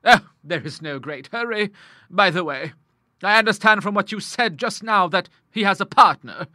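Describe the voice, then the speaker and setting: Man voicing a stern older woman, severe, scornful, high, very bright, dry close sound. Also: animated, normal speed, no room sound, exaggerated voice. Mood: businesslike. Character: stern, grim middle-aged woman, bitter widow.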